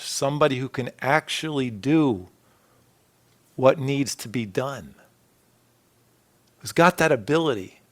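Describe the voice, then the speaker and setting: Earnest male pastor, slow preaching. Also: medium pitch. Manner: earnest, rising and falling preaching with soft dropped phrases. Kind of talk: sermon. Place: church sanctuary.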